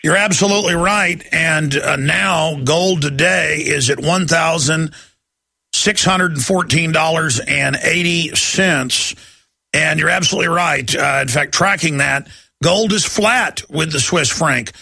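A male talk radio host with a gravelly, bright edge and a fairly high voice. He rants in a combative, rapid-fire way. The studio sound is dry and close. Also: dry recording. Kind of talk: heated call-in radio talk.

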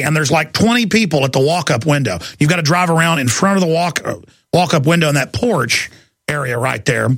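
A man's voice: fairly high pitch, fairly bright tone, dry recording. A man in his forties from Texas hosting a political talk radio show, ranting and telling stories in an intense, rambling way. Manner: intense, rambling, emphatic storytelling. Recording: dry studio, faint music.

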